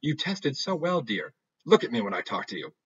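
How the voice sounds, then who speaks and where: A man's voice: medium pitch, very animated, normal speed, fairly bright tone, slightly rough, voice pushed up. A man voicing a menacing mother who talks with a creepily sweet tone. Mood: sickly sweet. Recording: dull lo-fi recording.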